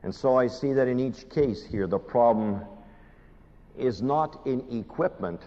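A man preaching a sermon, animated and pleading, with dramatic pauses. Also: mid-range voice. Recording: muffled hall recording with long reverb.

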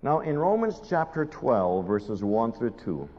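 A man preaching a sermon, animated and pleading, with dramatic pauses. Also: medium pitch. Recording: muffled hall recording with long reverb.

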